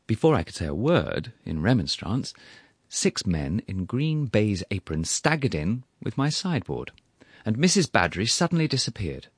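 Brief: male narrator, low voice with lively lilt, wry measured read, dead-dry booth. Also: husky, no room sound. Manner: dry, ironic, measured storytelling. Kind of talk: scripted audiobook narration.

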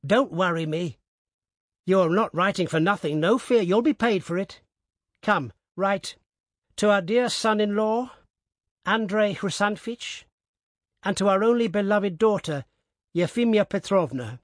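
An anxious, sharp-tongued old peasant woman from an audiobook story, spoken high and pleading, as a male narrator puts her on. The voice sounds close and dry. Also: measured pace, dry recording. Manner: raised pitch, pleading and tearful.

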